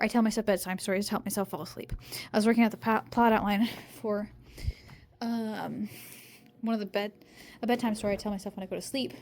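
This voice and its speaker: A young woman recording a casual video diary at home, hoarse and out of breath, rambling in a tired voice and swearing often. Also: a little high, a little mellow. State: hoarse from singing; out of breath from pacing. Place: home kitchen, microwave running.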